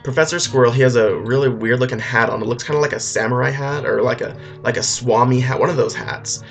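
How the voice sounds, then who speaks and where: Offhand rambling male storyteller, loose comic retelling, soft music under. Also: medium pitch, fairly even intonation, quick pace, gravelly. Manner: rambling, offhand, with filler restarts.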